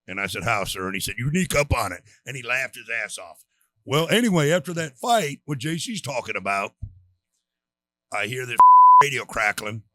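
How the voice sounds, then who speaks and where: A middle-aged American man with a very bright, forceful voice tells war stories with blunt, profane emphasis. He co-hosts a casual show, speaking as a retired Marine. The sound is close and dry. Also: medium pitch, no room sound. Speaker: co-host, retired Marine gunnery sergeant. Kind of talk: casual storytelling chat.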